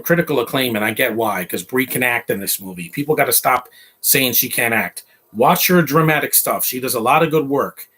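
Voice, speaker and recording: A man's voice: medium pitch, fairly bright tone, slightly rough. A man hosting a casual live movie commentary, opinionated, rambling and defensive.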